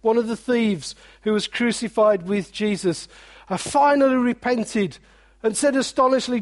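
A man preaching a sermon, animated, with joking asides and quiet, weighty drops. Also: extremely high pitch, normal speed.

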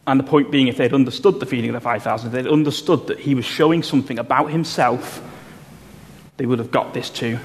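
Preacher man in a reverberant hall. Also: medium pitch. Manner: explanatory, measured, with slowed emphasis on key phrases. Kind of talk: sermon. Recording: long hall reverb, faint room noise.

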